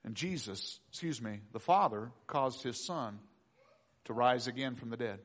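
A middle-aged man preaching a sermon, acting out voices and swinging from loud to hushed. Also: medium pitch, expressive, moderate pace. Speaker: pastor.

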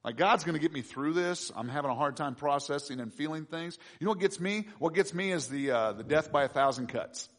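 A middle-aged man preaching a sermon, swinging between loud emphatic bursts and quiet asides, acting out prayers and quoted voices. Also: on the high side, expressive, fairly quick, few pauses. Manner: acts out his own prayers and quoted voices.

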